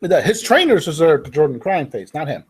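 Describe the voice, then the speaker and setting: A man co-hosting a casual fight chat, reacting excitably and breaking into its points. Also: on the high side, slightly rough. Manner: excitable, quick to laugh and react. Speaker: co-host.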